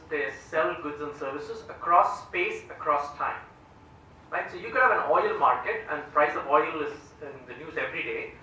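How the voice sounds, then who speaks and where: A man's voice: fairly high pitch, bright, forceful tone, a little hiss or hum. A man giving a public lecture on economics, explaining step by step and often asking "right?". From India. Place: large lecture hall, standing before an audience. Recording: very echoey hall from far off.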